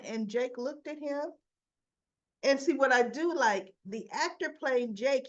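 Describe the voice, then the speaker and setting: A woman's voice: on the high side, lo-fi sound. A woman hosting a casual soap opera recap, chatty, acting out the characters' lines and adding asides.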